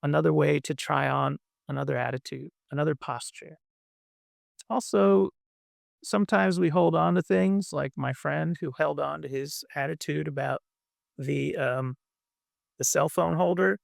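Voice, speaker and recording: Meditation teacher, male, gravelly voice, gentle halting delivery, dry close sound. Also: a little high, dry recording. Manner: gentle, halting, many fillers. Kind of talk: dharma talk.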